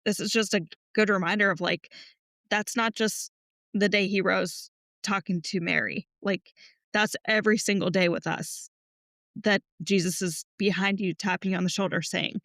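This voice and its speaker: Bright-voiced young woman, heartfelt chat. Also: mid-range voice, no echo, clean studio sound. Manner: heartfelt, rambling with many likes. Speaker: podcast co-host. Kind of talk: casual faith chat.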